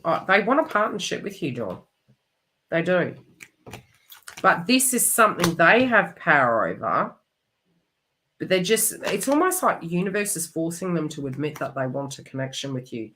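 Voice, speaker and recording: Low-voiced woman giving a psychic reading. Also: very animated, normal speed, a bit bright, slight background noise. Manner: rambling and emotive, many fillers and restarts. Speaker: psychic tarot reader. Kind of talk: live online psychic reading.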